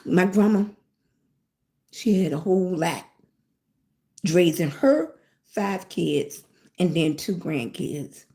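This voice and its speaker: Slow, animated storytelling woman. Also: on the low side. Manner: animated, repeats phrases, fills with mm-hmm. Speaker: lifestyle blogger on a livestream. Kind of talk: casual storytelling on a live stream.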